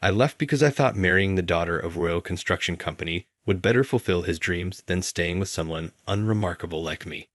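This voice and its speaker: A man reading the lines of a gentle, kind mother who speaks tenderly. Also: low-pitched, a little fast, few pauses, no room sound, clean studio sound. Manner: gentle, soft-spoken.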